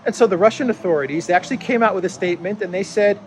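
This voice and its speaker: Sarcastic male host, political commentary, laughs a lot, slightly high voice, faint background noise. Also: racing, hardly any pauses, a little mellow. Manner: sarcastic, laughs often, acts out mock impressions.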